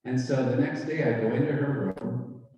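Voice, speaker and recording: Mellow-voiced male pastor, unhurried, relaxed storyteller; recorded from afar in a roomy hall. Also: medium pitch, highs cut off, soft background music. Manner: conversational retelling with quoted dialogue. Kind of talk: storytelling talk. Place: church hall. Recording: echoey hall, mic far off.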